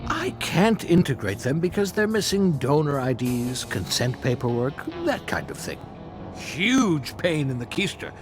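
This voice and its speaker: An actor playing a fussy middle-aged guardian of a vault of brains, pompous and slyly evasive. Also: male voice, on the high side, wildly swooping pitch, a little slow, over music.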